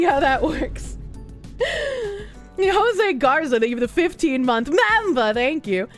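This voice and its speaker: A woman streamer chatting casually and crudely, sarcastic and quick to laugh. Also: high-pitched, big pitch swings, soft background music. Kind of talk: casual livestream chat.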